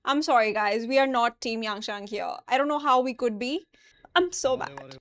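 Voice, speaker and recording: A woman's voice: fairly high pitch, lively intonation, normal speed, fairly bright tone. A young woman hosting an anime reaction, talking casually and with exasperation to her viewers and swearing now and then.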